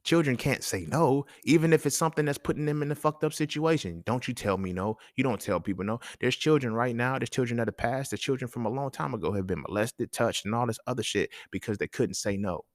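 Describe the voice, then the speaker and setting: A man hosting a solo talk episode, ranting in an animated, casual way full of slang and profanity. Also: mid-range voice, fast talker, few pauses, no room sound, clean studio sound. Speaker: podcast host. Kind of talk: solo monologue rant.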